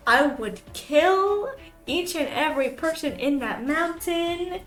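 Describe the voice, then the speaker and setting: A woman's voice: high voice, lively intonation, a little slow, faint music behind. A woman streamer ranting on a live stream, exasperated and swearing freely.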